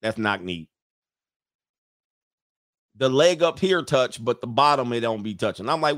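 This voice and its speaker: A man riffs through a casual livestream, blunt, loud and joking, laughing between lines. His voice sits at an ordinary middle pitch, and the sound is close and dry with no room around it. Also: animated, unhurried, pauses often, no echo. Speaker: livestream host.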